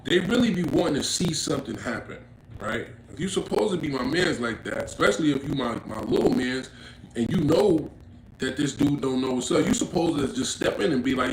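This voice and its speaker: A man with a gravelly mid-pitched voice tells a street story to camera, slangy and acting out what people said. He builds to loud, emphatic bursts. The room is echoey with faint noise behind him. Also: animated, fairly quick. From Inglewood, California. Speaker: vlogger telling a story. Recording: roomy echo, faint background noise.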